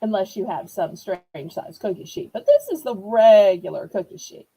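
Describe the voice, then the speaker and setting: A woman's voice: mid-range voice, big pitch swings, normal speed, warm tone, breathy edge, low-quality recording. A woman with a Southern accent hosting a live online auction, chatty and upbeat as she shows items. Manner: chatty, upbeat, playfully sings prices. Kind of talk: live home shopping sale.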